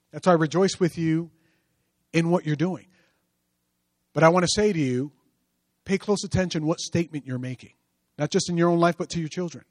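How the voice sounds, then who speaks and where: A male pastor preaching a sermon, moving from hushed storytelling to loud, rising exhortation. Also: fairly high pitch, no room sound.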